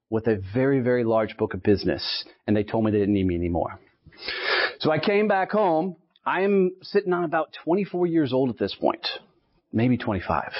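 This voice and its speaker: Speaking at a medium pitch, a man from Texas in his late thirties gives a motivational sales talk before an audience at an association meeting. Punchy stories carry his message, and he keeps tossing out "right?" The recording of the live speech is dull and lo-fi.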